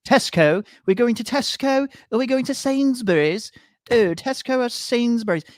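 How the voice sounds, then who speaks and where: A man putting on a high fussy English shopper. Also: expressive, moderate pace, dry recording, clean studio sound. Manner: high, sing-song put-on English accent.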